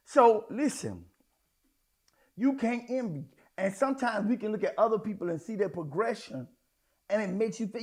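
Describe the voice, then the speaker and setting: A man preaching a sermon in a folksy, conversational way, swinging between hushed asides and loud outbursts. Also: sits high. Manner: folksy, addresses congregation as y'all, child, honey. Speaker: apostle preaching.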